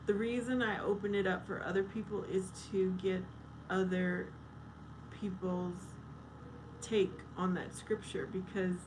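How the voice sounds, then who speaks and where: Slow-talking woman chatting on a live stream. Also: mid-range voice, level tone, noisy background. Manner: reads viewer comments aloud and answers them. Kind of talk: casual live-stream chat. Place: outdoors at night.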